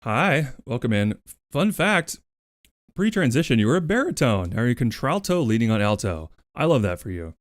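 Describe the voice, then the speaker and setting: A man's voice: mid-range voice, big pitch swings, moderate pace, dry recording. Guy on a cozy stream, chatty and playful, voice bouncing all over, dry close mic. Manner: chatty, thanks viewers by name, playful. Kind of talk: casual livestream chat.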